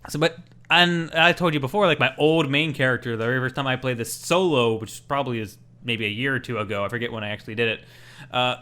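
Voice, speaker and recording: A man's voice: medium pitch, smooth. A man co-hosting a gaming podcast in casual chat, animatedly acting out bits of game dialogue. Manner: animated, acts out game dialogue in quick voices. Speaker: podcast co-host.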